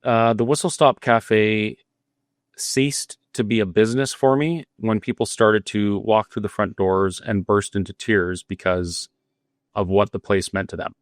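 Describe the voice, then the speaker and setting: A man's voice: lowish voice, steady tone, unhurried, dry recording, clean studio sound. A middle-aged man from Alberta, a guest cafe owner, telling his story candidly and earnestly with frequent restarts. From Alberta, Canada. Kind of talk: interview storytelling.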